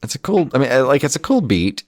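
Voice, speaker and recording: A man's voice: mid-range voice, sing-song, fast talker, darkish tone, dry recording, studio quality. A man co-hosting a film podcast, chatting casually and dropping wry, laughing asides. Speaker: podcast co-host. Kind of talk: casual film-review chat.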